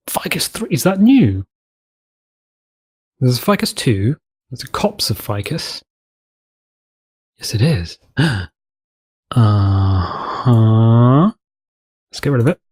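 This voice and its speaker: A man's voice: medium pitch, sing-song, slow, pauses often, darkish tone, husky. Chatty, rambling British man. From United Kingdom. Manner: rambling, chatty, self-interrupting with restarts. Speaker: let's play host. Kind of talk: casual gameplay commentary.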